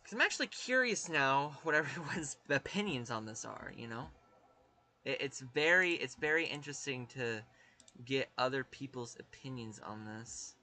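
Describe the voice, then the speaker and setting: A man's voice: medium pitch, lively intonation, moderate pace, sharp tone. A man with a Southern US accent, chatting casually with his live-stream viewers, rambling and swearing as he talks to chat.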